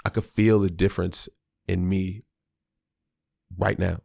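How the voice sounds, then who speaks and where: A man's voice: low voice, steady tone, measured pace, vocal fry, darkish tone, dry recording, studio quality. A man hosting his own podcast, a father talking in a reflective, candid and slangy way, often restarting his sentences. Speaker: podcast host; father of a small child. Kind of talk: solo podcast monologue.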